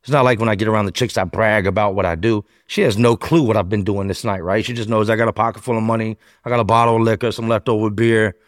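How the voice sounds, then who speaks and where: A man with a fairly low voice tells his story in a close, dry recording. He talks like a natural storyteller and slips into quick impressions of the people he quotes. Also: steady tone, no echo. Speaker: interview guest.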